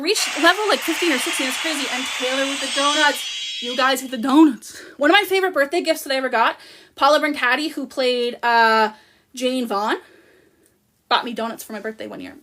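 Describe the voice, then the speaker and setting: Bubbly high-voiced woman in her thirties. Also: quick pace, sharp tone. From Canada. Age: 30s. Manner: bubbly, gushing, thanks viewers by name. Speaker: livestream host. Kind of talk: casual livestream chat with viewers.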